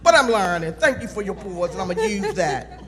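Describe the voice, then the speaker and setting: A woman on a church panel, talking in a lively, emphatic and colloquial way. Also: mid-range voice, normal speed, big-room sound. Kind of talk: panel discussion.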